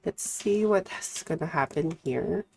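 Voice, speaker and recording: Low-voiced woman streamer chatting casually. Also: lively intonation, takes it slowly, creaky, a little mellow, slightly rough. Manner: chatty, rambling, swears and apologizes in a rush. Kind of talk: casual live-stream chat while gaming.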